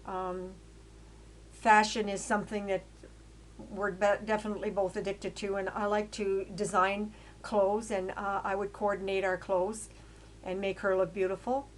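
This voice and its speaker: An older woman talks through her life story in a loose, rambling way, stopping and restarting with fillers. When she gets worked up, her voice climbs and she becomes loud and emphatic. Her pitch sits in an ordinary middle range. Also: level tone, a little slow, slight background noise. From Canada. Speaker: autobiographical storyteller. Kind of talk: casual narration over photos.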